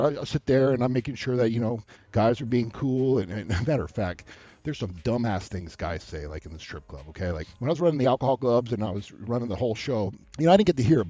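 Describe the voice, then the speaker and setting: A man giving dating advice in a loose, rambling monologue, animated and full of asides. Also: medium pitch, breathy edge, no echo. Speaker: dating coach. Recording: dull lo-fi sound.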